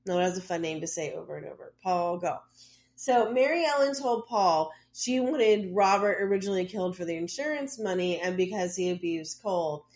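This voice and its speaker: A woman's voice: lowish voice, animated, brisk, few pauses, a little mellow. A woman co-hosting a podcast, casually retelling a case with loose asides and lots of "like.". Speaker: podcast co-host. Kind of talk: casual true-crime storytelling.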